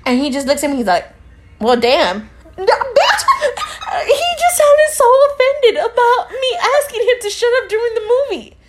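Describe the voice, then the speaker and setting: A woman's voice: extremely high pitch, sing-song, normal speed, few pauses, background noise. A woman co-hosting a podcast, telling a story in casual chat, acting out both sides of the conversation, swearing freely and dropping in Spanish phrases. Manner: drops Spanish phrases into her talk. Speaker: podcast co-host.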